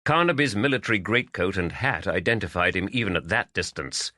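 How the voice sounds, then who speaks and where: Man narrating an audiobook, measured expressive reading, lively intonation, dry sound. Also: low-pitched, no room sound.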